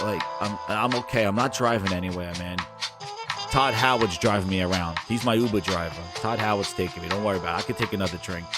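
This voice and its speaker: A man voicing a drunk, self-pitying male company boss ordering drinks at a bar, mumbling low and slow. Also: lightly acted.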